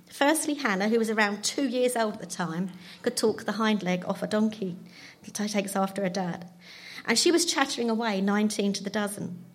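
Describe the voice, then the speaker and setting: A woman tells her own story in a church talk. She speaks in a chatty, self-deprecating way, with her pitch in an ordinary middle range for a woman. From London. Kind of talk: personal testimony talk.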